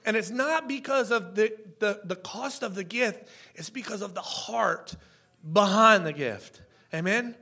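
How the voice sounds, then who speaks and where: A man's voice: high voice, a little slow, vocal fry, bright, forceful tone, breathy edge. A man in his thirties preaching a casual sermon, chatty, repeating words and asking the congregation questions. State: tearful at times. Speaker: pastor.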